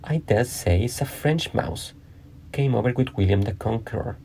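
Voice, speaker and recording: A man's voice: mid-range voice, lively intonation, normal speed, vocal fry, mellow, a little hiss or hum, voice pushed up. A man reading aloud, voicing a curious, polite young girl who chatters primly, half to herself. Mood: fretful. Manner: prim, fussy, talks half to herself.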